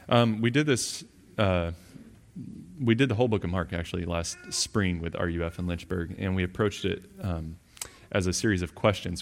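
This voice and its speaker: A young man delivers a sermon in a very deep voice, congested and husky from a cold that gives him a slight twang. He talks in an easygoing, conversational way, with plenty of little fillers between his points. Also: normal speed. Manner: relaxed, conversational preaching with fillers. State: sick, congested. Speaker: campus minister.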